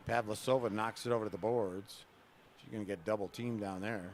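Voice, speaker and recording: A man doing relaxed, chatty live play-by-play of a college women's hockey game at a rink. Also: fairly low pitch, a little hiss or hum. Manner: relaxed, chatty, jokes with the camera person between plays. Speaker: play-by-play announcer.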